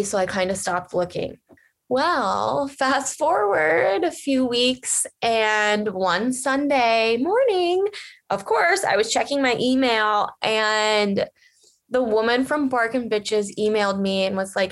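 A woman's voice: on the high side, lively intonation. Chatty young woman gushing through a story. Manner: chatty, fast and gushing, many fillers. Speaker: vlogger. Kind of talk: casual storytelling to viewers. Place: lives in Los Angeles area.

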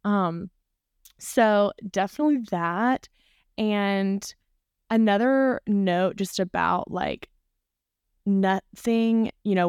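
A woman's voice: medium pitch, darkish tone, clean tone, no room sound, clean studio sound. A young woman, a client guest on a podcast, chatting casually and acting out her own quoted thoughts. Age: young adult. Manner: chatty, lots of "like", acts out quotes.

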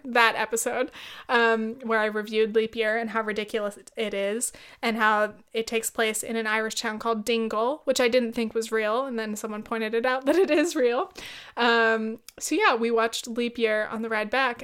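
A woman's voice: a little high, steady tone, moderate pace, a bit bright, clear, resonant tone. A woman hosting a podcast, telling a casual story in a blunt, profane way and laughing often. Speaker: podcast host.

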